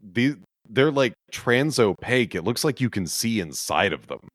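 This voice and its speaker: A man in casual podcast chat about a movie, relaxed and a little hesitant, with many fillers. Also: mid-range voice, normal speed, no echo, studio quality.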